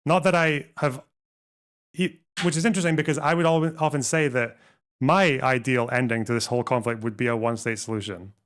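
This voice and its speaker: A man reacting live on stream, answering a video with sarcasm and a lot of swearing. His voice sits at an ordinary middle pitch. He sounds scornful and combative. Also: fairly even intonation, brisk, fairly bright tone.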